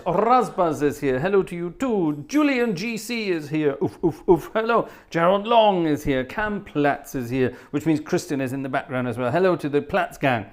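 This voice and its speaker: Chatty man greeting his viewers. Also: fairly high pitch. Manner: cheerful, chatty, reads out names from the chat. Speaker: livestream host and organist. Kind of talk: casual live-stream chat, greeting viewers. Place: home organ studio.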